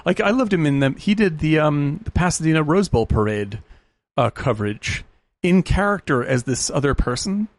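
Podcast co-host, male, gravelly, rambling and enthusiastic, casual film talk. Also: on the high side, expressive, normal speed, no echo. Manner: enthusiastic, rambling, swears, laughs often.

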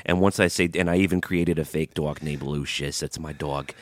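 A man voicing a chain-smoking, dog-loving character who calls everyone honey, in a drawling comic voice a little lower and softer than his own. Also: steady tone, normal speed, no echo. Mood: doting. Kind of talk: improvised comedy character.

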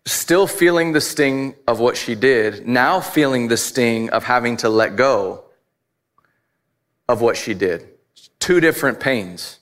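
A man's voice: mid-range voice, takes it slowly, a bit bright. A married man preaching a sermon, telling a personal story candidly and building to emphatic points. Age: adult, married. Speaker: pastor.

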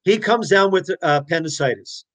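Animated man in his sixties. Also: high-pitched, normal speed. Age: 60s. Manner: animated, blunt and profane. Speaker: interview guest, former hockey player. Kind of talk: casual storytelling.

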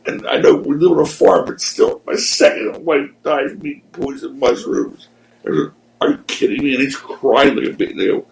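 Seorang pria, tamu podcast, bercerita dengan santai dan hidup, sering memakai kata kasar dan menirukan suara orang dalam ceritanya. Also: male voice, mid-range voice, normal speed, vocal fry, roomy sound, low-quality recording. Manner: animated, profane, acts out voices in his stories. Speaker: podcast guest, former wrestling promoter. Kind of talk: casual storytelling.

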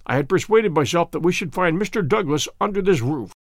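A man reading a calm, clever detective who talks in a measured, precise, gently reproving manner. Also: fairly high pitch, no room sound, studio quality.

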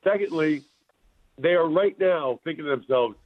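A man calling in on a tinny, phone-like line, his voice hoarse and a touch high. He chats in an easygoing, amused way as a guest analyst. He tells long stories with relaxed humor. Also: moderate pace. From near Philadelphia. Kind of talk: casual chat by phone.

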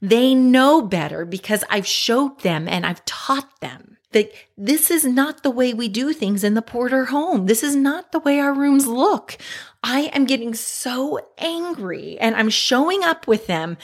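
A woman's voice: a little high, lively intonation, slow pace. A middle-aged woman, a mother and life coach, candidly telling a personal story in a reflective, conversational way. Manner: candid, self-reflective, conversational with frequent "right?" and "like".

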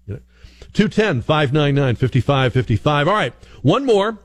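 A male radio talk host from the northern United States speaks in a casual, chatty way. His pitch moves a lot as he spins anecdotes and now and then mimics other people's voices. He is recorded in a studio. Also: fairly quick. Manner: chatty, animated, mimics voices mid-story.

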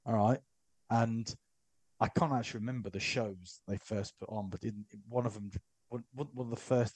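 A man's voice: on the low side, darkish tone, no room sound. A man co-hosting a podcast, bantering sarcastically and rambling in casual chat. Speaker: podcast co-host.

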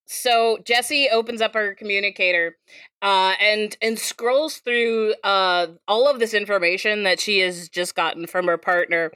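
A woman's voice: mid-range voice, unhurried, pushed and bright, clear, resonant tone, dry recording. A woman playing a tabletop game, talking in a loose, filler-heavy way and laughing often. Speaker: player. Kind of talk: casual tabletop game play.

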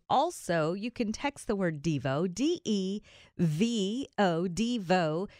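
A woman with a Southern US accent hosting a Christian morning radio show, animated and often laughing. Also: medium pitch, dry recording, studio quality. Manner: animated and laughing, reads devotionals. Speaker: radio host.

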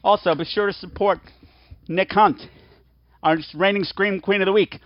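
A man's voice: sits high, fairly even intonation, normal speed, no room sound, dull audio. A man hosting a podcast, talking in a campy, playful way with theatrical asides. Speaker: podcast host. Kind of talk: casual podcast chat.

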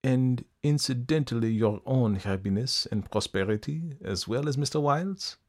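A man reading aloud and voicing an earnest, persistent older man with gentle concern. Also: medium pitch, animated, moderate pace, voice pushed up. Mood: coaxing.

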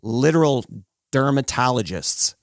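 A man in his thirties chatting on a podcast, telling jokey stories about his kids with lively put-on quotes. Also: mid-range voice, a little slow, no echo, clean studio sound. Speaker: podcast co-host. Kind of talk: casual chat.

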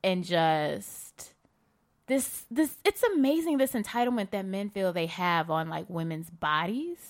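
A young woman in casual podcast chat, telling stories with vivid quoted asides. Her voice sits in an ordinary middle pitch, and she is candid and lively. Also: measured pace. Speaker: podcast co-host.

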